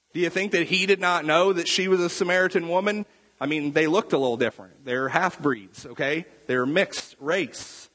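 A man's voice: fairly high pitch, fairly bright tone. A man preaching a sermon in a conversational way, peppering his points with rhetorical questions and tag questions. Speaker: pastor. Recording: long reverb of a large hall.

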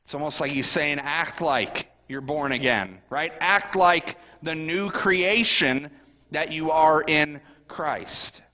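A man's voice: a little high, takes it slowly, sharp tone, big-room sound. A middle-aged man, a pastor, preaching a sermon in a conversational way, often asking the congregation questions.

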